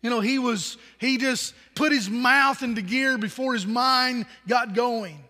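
A man's voice: very high-pitched, measured pace, pushed and bright, long reverb tail. A man pastor preaching a sermon in a conversational way, asking the congregation questions.

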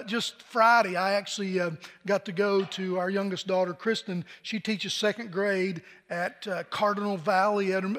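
A man's voice: sits high, fairly bright tone, big-room sound. An older man from preaching a sermon to a congregation, talking conversationally and throwing questions at the crowd. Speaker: pastor.

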